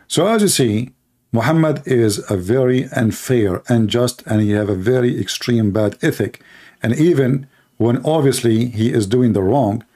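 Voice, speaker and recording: Middle-aged man, gravelly, emphatic livestream host. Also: on the low side, dark tone. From Arab world. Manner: emphatic, repetitive, heated. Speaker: Christian apologist host. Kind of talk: livestream commentary.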